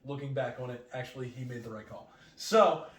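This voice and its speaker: A male comedian telling a story on a podcast, animated and profane, acting out other people's lines. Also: medium pitch, brisk. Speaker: comedian guest. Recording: echoey room, distant mic.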